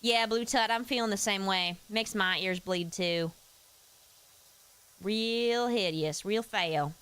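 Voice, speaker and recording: A woman's voice: mid-range voice, slow, fairly bright tone, clear, resonant tone, poor audio. A woman putting on a folksy, chatty Southern persona with a Southern US accent while chatting on a live stream. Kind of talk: casual live-stream chat.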